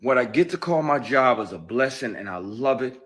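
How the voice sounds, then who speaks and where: A man's voice: mid-range voice, expressive, normal speed. A man, an actor, giving emphatic and blunt testimony in an interview, swearing freely as he talks.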